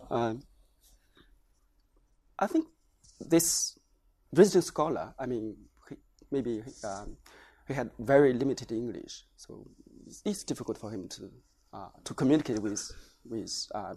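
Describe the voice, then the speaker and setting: Man, academic lecturer, mid-range voice, hesitant delivery with frequent pauses. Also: mid-range voice, expressive, warm tone, slightly rough. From China. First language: Chinese. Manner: halting, many hesitations. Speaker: academic researcher presenting findings. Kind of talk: lecture presentation.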